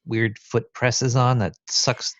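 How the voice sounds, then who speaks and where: A man's voice: medium pitch, flat delivery, slow pace, a bit bright, lo-fi sound. A man co-hosting a podcast in casual chat, dropping wisecracks. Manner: wisecracking, dry jokes. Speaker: podcast co-host.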